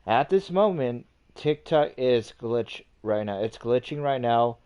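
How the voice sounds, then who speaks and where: A man's voice: medium pitch, animated, measured pace, mellow, smooth, lo-fi sound. A man hosting a livestream, ranting casually in a rambling, repetitive way and swearing often. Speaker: livestream host.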